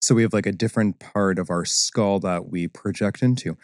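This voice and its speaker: A man, a baritone singer and voice instructor, explaining ideas in an articulate, teacherly way as a podcast guest. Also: a little fast, few pauses, dry recording, studio quality. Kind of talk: podcast interview.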